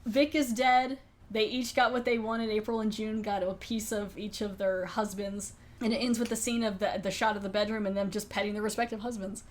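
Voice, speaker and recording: A woman hosting a podcast, retelling a horror episode in an animated, chatty way. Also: mid-range voice, fairly quick. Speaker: podcast host. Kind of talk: casual film review chat.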